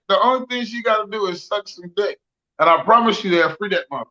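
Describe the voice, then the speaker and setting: A man's voice: high-pitched, fast, sharp tone, lo-fi sound. A man co-hosting a podcast in casual chat, crude and joking and given to rambling. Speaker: podcast co-host.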